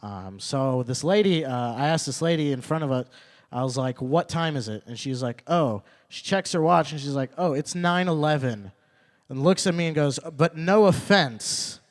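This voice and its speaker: A young man performing a stand-up set at an open mic, repeating his punchlines and working up to loud, indignant rants. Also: medium pitch, animated, moderate pace. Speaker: stand-up comedian. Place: open mic comedy night venue.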